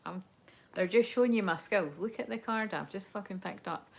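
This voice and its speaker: A woman's voice: mid-range voice, moderate pace, vocal fry. Young woman rambling through a tarot reading, swears a lot, super casual. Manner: rambling, candid, swears and laughs often. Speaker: tarot card reader.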